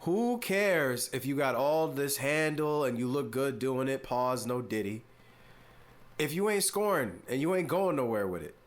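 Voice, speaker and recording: Male sports podcast host, mid-pitched, casual and mock-exasperated, playful drawn-out emphasis. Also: expressive. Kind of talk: casual opinion commentary.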